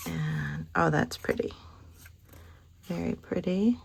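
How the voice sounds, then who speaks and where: A woman, hosting a casual craft unboxing vlog, gushing over each item with soft asides. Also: low voice, big pitch swings, slow, creaky, slightly rough. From Kentucky. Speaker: craft channel host.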